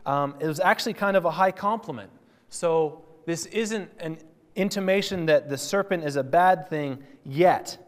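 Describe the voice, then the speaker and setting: Man, bible teacher, slightly high voice, chatty with self-corrections, long reverb. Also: moderate pace. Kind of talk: sermon.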